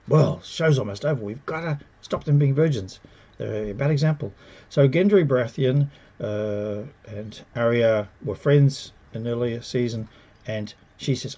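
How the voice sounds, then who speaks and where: A man giving a casual, sarcastic spoken review, animated and mocking the characters as he retells scenes. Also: mid-range voice, breathy edge, highs cut off. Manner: animated, sarcastic, mocks characters with put-on quotes. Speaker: TV show reviewer.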